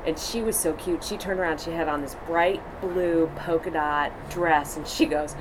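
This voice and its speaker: A woman stage actor telling a lively anecdote in an interview, acting out the quotes as she goes. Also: low-pitched, normal speed. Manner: lively storyteller, acts out quotes. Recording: noisy background hum.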